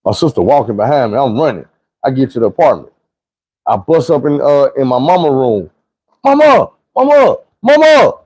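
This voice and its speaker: A man's voice: mid-range voice, animated, brisk, slightly rough, no echo, rough recording. A young man telling a profane, vivid personal story in a casual monologue. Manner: vivid, profane retelling with shouted quotes.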